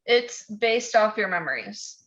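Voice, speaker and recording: Woman gm laughing a lot, lively voice, muffled lo-fi audio. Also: medium pitch, a little slow. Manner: laughs often, casual. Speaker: game master. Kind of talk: running a tabletop game. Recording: dull lo-fi sound.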